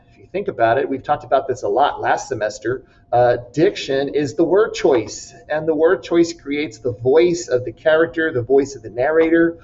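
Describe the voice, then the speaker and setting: A man's voice: on the high side, a little mellow, dull audio. A man teaching a class, chatty and jokey, laughing at his own puns. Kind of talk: classroom lesson with jokes.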